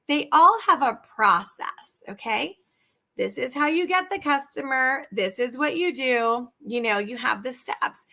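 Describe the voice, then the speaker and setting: Bright, high-pitched woman sales coach. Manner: animated, asks the viewers many direct questions. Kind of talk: live video coaching talk.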